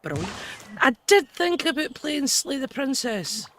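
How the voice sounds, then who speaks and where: A woman with a hoarse, deep-sounding voice, chatting casually, exasperated and swearing as she streams a game. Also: sing-song, measured pace, a bit bright. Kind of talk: casual gaming stream commentary.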